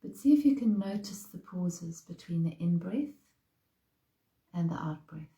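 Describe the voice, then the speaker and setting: A woman leading a slow guided breathing meditation in a soft, calm voice. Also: on the low side, roomy sound, poor audio. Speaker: meditation teacher.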